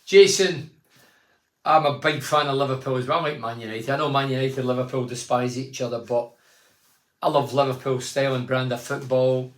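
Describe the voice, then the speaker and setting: A man's voice: mid-range voice, fairly even intonation, brisk, a bit bright. A man in his sixties hosting a casual phone-in, reading out fans' messages and telling stories from his playing days. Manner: chatty storytelling, reads fans' messages aloud. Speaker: phone-in show host and former footballer. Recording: echoey room.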